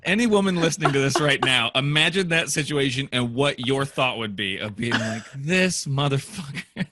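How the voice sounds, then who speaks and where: A man's voice: medium pitch, expressive, moderate pace, background noise. A man in casual chat, adding jokes and laughter to a friend's story.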